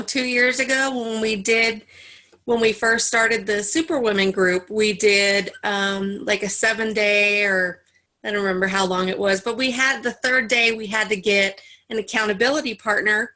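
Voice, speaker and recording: A woman sharing a personal story in a group session, animated, acting out other people's lines. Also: medium pitch, a little slow.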